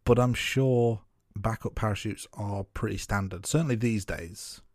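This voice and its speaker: A man's voice: on the low side, a little slow, dry recording. Man chatting about films, dry sound. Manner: relaxed, thoughtful, many fillers and restarts. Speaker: film review podcast co-host. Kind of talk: casual film discussion.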